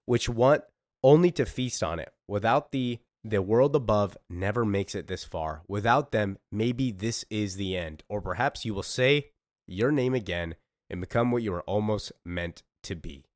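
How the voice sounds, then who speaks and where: A man voicing a sorrowful sorceress mother, speaking in a slow and hushed way. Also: fairly low pitch, lively intonation, no echo, studio quality, natural voice. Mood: grieving.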